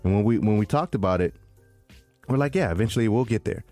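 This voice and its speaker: A low-pitched man co-hosting a casual podcast, excitable and full of slang. Faint music plays underneath him. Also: fast talker, no room sound. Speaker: podcast co-host. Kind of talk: casual crypto chat.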